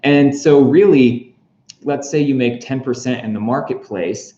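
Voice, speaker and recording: A man talks through a casual explainer in a chatty, relaxed way, full of ums and jokey asides. His voice sits at an ordinary middle pitch. The recording sounds roomy and a little dull. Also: a little slow. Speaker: real estate explainer host.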